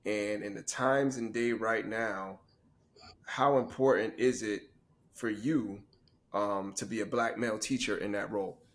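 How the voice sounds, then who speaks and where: A man's voice: fairly low pitch, fairly even intonation, unhurried. A man hosting a podcast, asking guided questions and backing up his guest with short replies. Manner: short affirming backchannels, asks guided questions. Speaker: podcast host. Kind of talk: casual interview.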